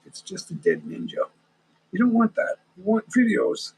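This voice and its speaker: A man's voice: high-pitched, wildly swooping pitch, moderate pace, vocal fry, darkish tone, slightly rough, low-quality recording. A man chatting casually on a live stream, rambling and talking straight to his viewers. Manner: rambling, talks to viewers, chuckles often.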